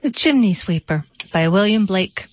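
A woman reading a short story and a poem aloud in a calm, even storytelling manner. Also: medium pitch, moderate pace, no room sound. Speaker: reader. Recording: dull dry recording.

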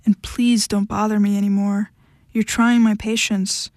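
A woman reading the part of a firm, weary adult woman who speaks flatly and with warning. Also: medium pitch, a little slow, no echo, studio quality, natural voice.

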